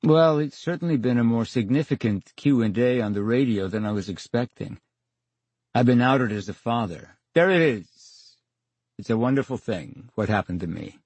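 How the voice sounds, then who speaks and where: A man's voice: medium pitch, normal speed, a little mellow, slightly rough, dry recording. An older man telling stories as a guest in a radio interview, acting out the dialogue with dry wit. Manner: theatrical storyteller, acts out dialogue, wry. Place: radio studio.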